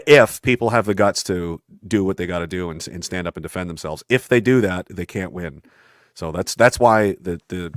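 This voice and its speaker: A man's voice: low voice, dry recording, clean studio sound. A man talking in a casual conversation, intense and rambling, often acting out voices from his stories. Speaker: podcast guest.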